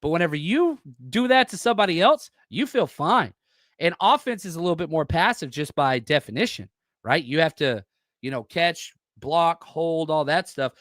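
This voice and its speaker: A man hosting a podcast in a blunt, salty, casual style, reading chat and getting loud and fired up at times. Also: a little high, dry recording, clean studio sound. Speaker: podcast host and former coach. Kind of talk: casual solo football preview reading live chat.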